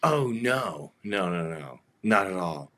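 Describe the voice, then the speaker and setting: A man's voice: sits low, takes it slowly. A man talking as a guest on a podcast, rambling casually with lots of fillers and acted-out quotes. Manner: rambling, animated, many fillers. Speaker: guest, band vocalist.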